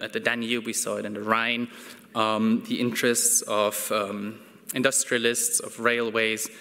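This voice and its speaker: A man giving a measured symposium talk, pausing often with ums and restarts. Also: medium pitch, fairly bright tone. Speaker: conference speaker. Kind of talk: academic presentation. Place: conference hall. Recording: reverberant hall.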